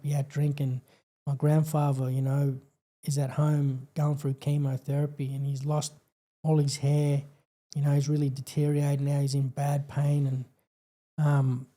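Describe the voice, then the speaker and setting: Australian man, guest, very dark and flat-toned, earnest halting storyteller. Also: mid-range voice. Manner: halting, earnest, many fillers and restarts. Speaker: podcast guest. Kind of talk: personal storytelling in an interview.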